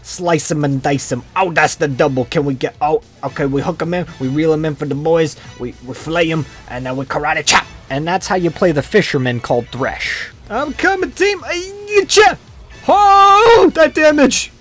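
A young man jokes his way through a match with a slangy, playful delivery. His voice sits a little high. Faint music plays underneath. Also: fairly quick, hardly any pauses. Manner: joking, goofy, slangy trash talk. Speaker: gaming video creator. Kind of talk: comedic gameplay commentary.

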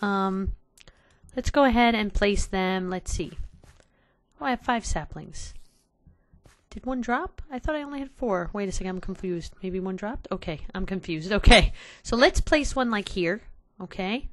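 A woman's voice: mid-range voice, normal speed, no room sound. A woman hosting a casual let's play, talking to her viewers in an exasperated way and sighing often. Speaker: gaming channel host.

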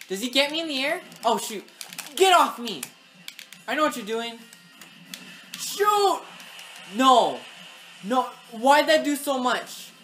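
A woman giving live gameplay commentary, excitable, talking to the game and yelling at opponents. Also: a little high. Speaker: gaming channel host.

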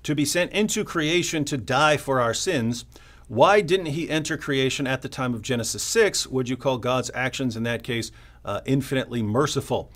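A man's voice: medium pitch, moderate pace. A man co-hosting a casual live stream, telling stories with lots of energy and acting out other people's lines. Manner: animated storytelling, mimics opponents. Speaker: co-host.

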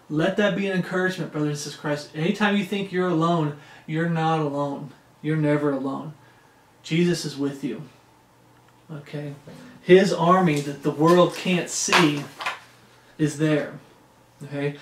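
A man's voice: on the high side, fairly even intonation, normal speed. A man preaching an informal sermon, reading scripture aloud and checking in with his listeners. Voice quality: conversational, frequent "uh" and "okay?" check-ins. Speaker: preacher leading a Bible study. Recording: roomy echo.

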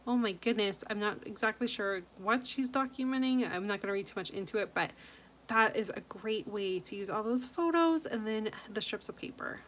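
A woman's voice: mid-range voice, normal speed. Gushing, chatty woman scrapbook host. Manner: chatty and gushing, with frequent soft asides. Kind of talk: casual chat reviewing viewers' layouts.

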